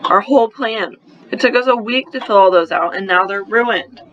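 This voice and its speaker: Man doing a furious shouting young girl. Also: high voice, moderate pace, lo-fi sound, slight background noise, pitched above the performer's own voice, close to an everyday voice.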